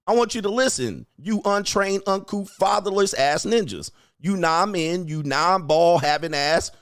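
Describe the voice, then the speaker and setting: A man hosting a livestream, ranting at his viewers in a loud, mocking, insulting way. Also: on the high side, no echo, clean studio sound. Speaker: online dating coach host. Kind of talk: livestream rant.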